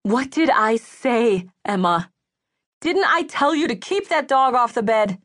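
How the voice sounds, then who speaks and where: A woman's voice: medium pitch, expressive, unhurried, dry recording. A woman voicing a bitter, grieving middle-aged mother who scolds angrily and mocks, for an audiobook, dry recording. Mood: angry. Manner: angry, mocking, clipped. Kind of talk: audiobook character voice.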